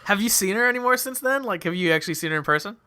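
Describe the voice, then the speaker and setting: High, lively man laughing along. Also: clean tone. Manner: reacting with laughs and quick comments. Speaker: podcast co-host. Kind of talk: casual chat.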